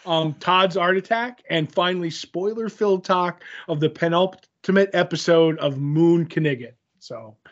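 Speaking a bit slowly but with hardly any pauses, this man co-hosts a podcast via remote call, his voice on the high side. The chat is casual, filler-heavy, and rambling, full of self-mocking jokes, and the recording sounds muffled.

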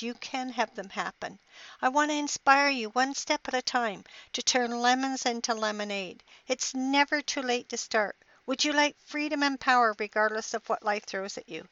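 A woman's voice: sits high, bright, forceful tone, no room sound. A middle-aged woman hosting a motivational podcast in an upbeat, encouraging, inspirational way. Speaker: podcast host. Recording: dry, dull lo-fi podcast audio.

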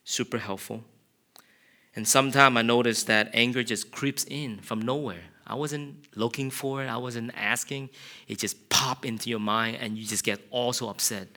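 A man's voice: medium pitch, steady tone, moderate pace. A man preaching an earnest, confessional sermon. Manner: earnest, confessional, builds to loud passionate shouting. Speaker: pastor.

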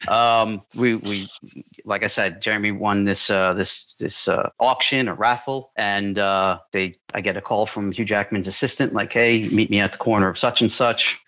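A man in his forties co-hosting a podcast, telling a rambling, excitable story in casual chat with lots of fillers and restarts. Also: on the low side, moderate pace. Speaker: podcast co-host.

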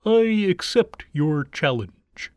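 A slow, steady male tortoise from a read-aloud fable, calm and sure of himself, played by a male storyteller. He talks in drawn-out, deliberate words. The sound is dry and close to the mic. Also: high voice, no echo, exaggerated voice.

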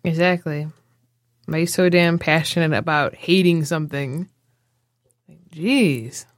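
A woman co-hosting a podcast in casual chat, blunt and quick to agree. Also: deep voice, dry recording, clean studio sound. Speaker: podcast co-host.

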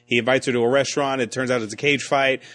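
A man's voice: mid-range voice, steady tone, fast, fairly bright tone, dry recording. Joking man in a casual movie chat. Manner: joking, riffs on bits and laughs often. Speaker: podcast co-host.

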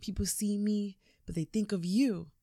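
A woman's voice: medium pitch, steady tone, moderate pace, mellow, no echo, voice pushed up, natural voice. Bitter grown son, woman doing the voice, pleads and accuses, dry close mic. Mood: resentful. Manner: pleading, rising to accusing outbursts. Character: grown son, young man, resentful and bitter.

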